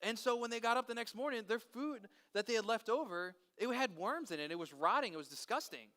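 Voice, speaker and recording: A man's voice: very high voice, a little fast. A man leading a children's service outdoors, telling a Bible story and quizzing the kids. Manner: animated, asks kids questions. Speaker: children's pastor. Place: outdoors in a park.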